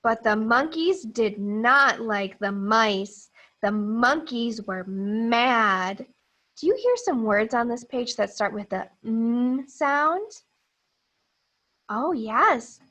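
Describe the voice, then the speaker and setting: A woman teacher giving a phonics lesson to young children, reading a picture book aloud and modeling sounds in a slow, exaggerated, encouraging way. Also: fairly high pitch, expressive, fairly bright tone, low-quality recording.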